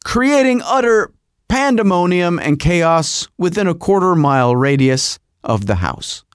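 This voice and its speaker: A man's voice: sits high, a little slow, smooth, dry recording, studio quality. A middle-aged man hosting a podcast, telling a rambling comic story and putting on voices. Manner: rambling, animated, puts on voices. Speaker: podcast host.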